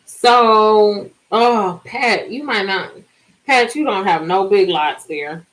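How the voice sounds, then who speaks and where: A woman in her forties chatting casually with viewers on a live stream and telling animated stories. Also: mid-range voice, poor audio. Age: 40s. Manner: animated, chatty storytelling with drawn-out words. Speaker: livestream host.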